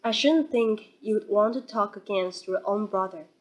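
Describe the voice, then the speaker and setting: A woman reading aloud and voicing a timid, gentle elderly mother, speaking mildly and unhurriedly. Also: mid-range voice, natural voice. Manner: mild, quiet and unhurried.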